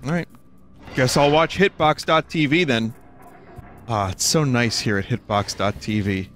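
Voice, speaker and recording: A man's voice: mid-range voice, unhurried, fairly bright tone, faint music behind, lightly acted. A man voicing a grumpy male viewer who calls up demanding a refund, in a petulant, complaining way. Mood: relieved.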